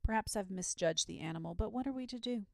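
A woman's voice: medium pitch, fast, gravelly, no echo, pitched above the performer's own voice, close to an everyday voice. A woman voicing a solemn, old-fashioned knight with a frank, courtly way of talking, in a storybook reading. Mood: perplexed. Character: grave, courtly adult male knight.

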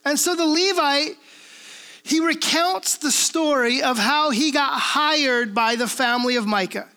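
A woman pastor from the Pacific Northwest delivers a relaxed teaching sermon with a high, bright voice. She talks conversationally and keeps checking in with her listeners. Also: measured pace. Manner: casual, checks in with listeners through frequent tag questions.

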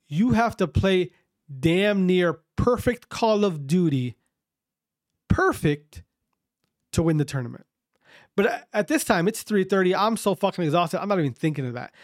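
A man's voice: fairly high pitch, no echo, studio quality. A man casually telling a long story to his viewers, rambling, repeating himself and swearing often.

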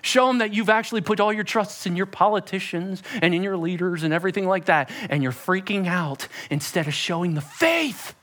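A man's voice: high-pitched, brisk, hardly any pauses, a bit bright. A man doing a gloating mocking devil. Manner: mocking, taunting. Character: gloating male devil taunting the church.

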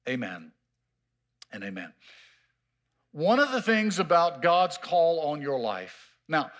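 Emphatic high-voiced male preacher. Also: a bit bright. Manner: emphatic, drawn-out preaching with repetition. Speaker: pastor. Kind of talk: sermon. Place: church sanctuary.

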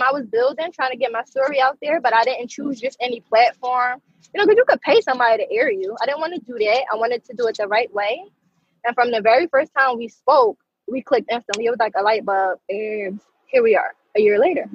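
A woman's voice: high voice, breathy edge, dry recording, dull audio. A woman in her twenties giving an earnest, heartfelt testimony as a guest over a video call. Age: 20s. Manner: earnest, emphatic, speaks from the heart. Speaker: guest speaker.

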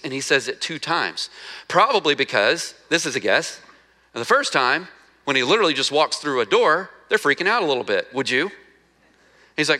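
A man preaching a sermon as pastor, talking conversationally, asking the congregation questions and acting out quoted lines, going soft and slow for scripture. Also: on the high side, big pitch swings.

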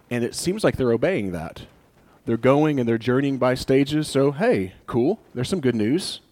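A man preaching a sermon in a conversational, storytelling way, building to animated emphasis. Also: mid-range voice, dry recording. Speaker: pastor.

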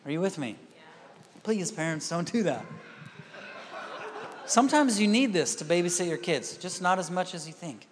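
Pastor guy preaching, kinda high voice, tells stories and acts out the lines, long reverb in a big church hall. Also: expressive, moderate pace, pauses often. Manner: storytelling, acts out quoted voices; asks the crowd "are you with me?". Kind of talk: sermon.

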